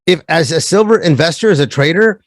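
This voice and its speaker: Animated man with a dry, close voice. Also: fairly high pitch, fairly quick, no echo. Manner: animated, slips into mocking voices of others. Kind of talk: casual podcast conversation.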